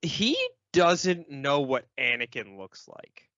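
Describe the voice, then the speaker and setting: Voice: mid-range voice, lively intonation, slow, a bit bright, no room sound. A podcast co-host chatting eagerly and casually. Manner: eager, laughs easily. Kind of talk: casual riffing chat. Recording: dry, dull lo-fi sound.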